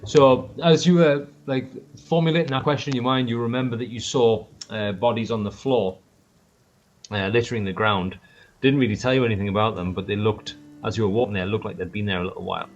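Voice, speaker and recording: A man narrating as game master in a relaxed, chatty way, recorded over an online call. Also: fairly low pitch, fairly quick, dull audio. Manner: relaxed, chatty, loose with fillers.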